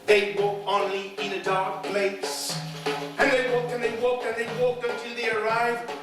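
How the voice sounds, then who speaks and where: A man telling a folk tale live on a theater stage, slow and rhythmic with repeated phrases. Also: extremely high pitch, little pitch movement, loud music behind the voice. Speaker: storyteller. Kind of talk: live solo storytelling performance. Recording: echoey theater from far off, drums. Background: drums and percussion.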